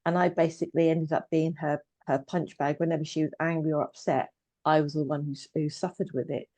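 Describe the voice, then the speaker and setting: A woman's voice: low voice, little pitch movement, a little fast, dark tone, dry recording. A woman in her fifties, a trauma coach, telling her life story candidly in a conversation, with touches of dry humour. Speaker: guest, trauma coach and therapist. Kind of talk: personal story in casual conversation.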